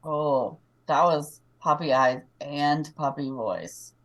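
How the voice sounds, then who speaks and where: A woman with a low voice plays in a tabletop game. She talks in an animated way and laughs easily. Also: slow. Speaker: player. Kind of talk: tabletop role-play chat.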